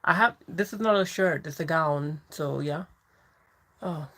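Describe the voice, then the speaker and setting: Low-voiced woman chatting on a livestream. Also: a little slow, a bit bright, low-quality recording. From England. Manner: chatty, laughs often, answers viewers directly. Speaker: livestream host. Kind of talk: casual livestream chat reading comments.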